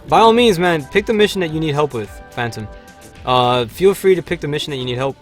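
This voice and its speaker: A man hosting a livestream, chatting casually over gameplay with lots of fillers and sudden excited shouts. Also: fairly high pitch, fairly quick, soft background music. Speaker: livestream host.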